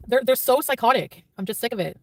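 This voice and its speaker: A woman's voice: fairly high pitch, fast, no room sound. A woman vlogger chatting casually, rambling and defensive, laughing often. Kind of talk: casual vlog chat.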